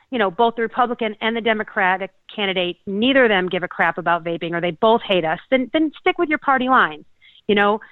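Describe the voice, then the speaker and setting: A woman from Connecticut co-hosting a talk show, speaking earnestly and haltingly with many restarts. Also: medium pitch, no echo. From Connecticut, USA. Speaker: podcast co-host. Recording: tinny phone-like dry sound.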